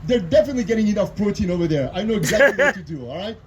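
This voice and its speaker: A man's voice: sits high, very animated, racing, slight background noise, poor audio. A middle-aged man with a French accent performing a stand-up comedy set on a club stage, chatty and always tagging his lines with "you know?".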